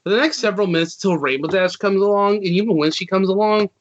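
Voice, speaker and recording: A man casually reviewing a cartoon episode, animated and ranting, swearing freely as he talks. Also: sits high, fast, muffled recording, slight background noise.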